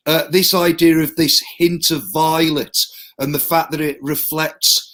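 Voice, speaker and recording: Brief: male host, slightly higher voice, chatty and jokey. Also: flat delivery, measured pace, fairly bright tone. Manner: chatty, laughs often. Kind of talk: casual video-call chat.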